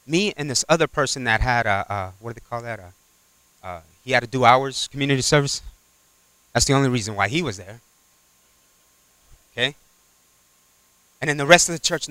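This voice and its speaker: A man preaching a sermon, swinging from loud exhortation to quiet asides and acting out little dialogues. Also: mid-range voice, no room sound. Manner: acts out little dialogues in character voices.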